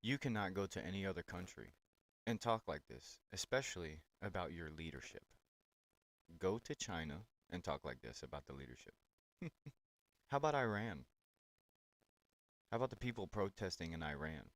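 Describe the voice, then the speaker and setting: A man's voice: deep voice, animated, moderate pace, long pauses, fairly bright tone, dry recording. A man hosting political reaction commentary on clips, talking in a blunt, sarcastic and profane way.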